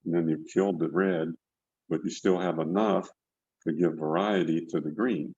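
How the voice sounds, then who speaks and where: The voice is low and husky, a little mellow, delivered at a moderate pace with fairly even intonation. It belongs to an older man giving a rambling painting lesson on a video call from his studio, repeating words as he works. The call mic makes it sound lo-fi.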